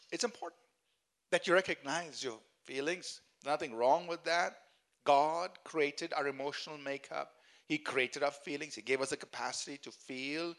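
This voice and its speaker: A man's voice: on the high side, fairly bright tone. A man preaching a sermon as pastor, earnest and emphatic, repeating key phrases and chuckling at his own jokes.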